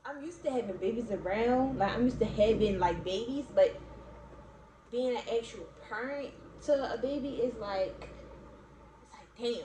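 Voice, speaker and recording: A woman's voice: on the high side, normal speed, warm tone. A young woman from Baltimore chatting casually to viewers, rambling with lots of "like" and "y'all" and frequent laughs. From Baltimore, USA. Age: young adult. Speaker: vlogger. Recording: echoey room, faint background noise.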